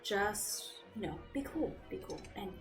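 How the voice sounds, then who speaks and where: A woman voicing a warm, flirty woman tavern keeper who dotes on favoured guests and bosses rowdy patrons, sometimes dropping to a hush. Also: on the high side, animated, takes it slowly, reverberant, far from the mic, over music, voice pushed up. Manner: doting and conspiratorial, drops to a hush.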